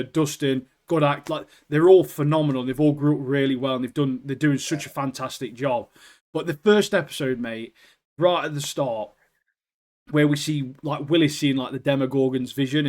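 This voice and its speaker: A young British man co-hosting a podcast, chatting casually and excitedly, swearing and calling his friend "mate" constantly. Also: medium pitch. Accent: British English. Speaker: podcast co-host. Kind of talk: casual chat.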